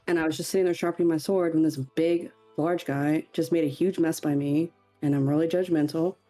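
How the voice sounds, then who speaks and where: Low-voiced woman describing her character. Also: warm tone. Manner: hesitant, run-on sentences. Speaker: player.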